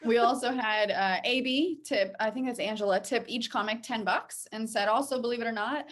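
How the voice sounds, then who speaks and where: A woman with a somewhat high voice reads viewer tips aloud on a video call. Her delivery is plain and matter-of-fact, in easy casual chat. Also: brisk, a bit bright. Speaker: co-host reading out viewer tips.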